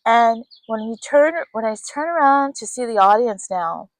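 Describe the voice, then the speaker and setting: A woman's voice: fairly high pitch, moderate pace, no echo, rough recording. A woman giving an intuitive spiritual reading, talking straight to the listener and acting out the quoted voices as she goes. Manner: animated, acts out quoted voices. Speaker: tarot reader.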